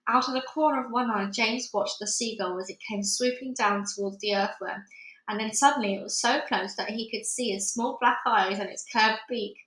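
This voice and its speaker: A woman reading a children's book aloud with lively, expressive storytelling, in an echoey room. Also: fairly high pitch, normal speed.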